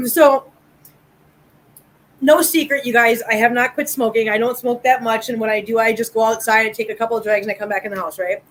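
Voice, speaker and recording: High-voiced chatty woman host. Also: steady tone, brisk, a little hiss or hum, low-quality recording. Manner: chatty storyteller, laughs often, swears casually. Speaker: livestream host. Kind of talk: casual chat.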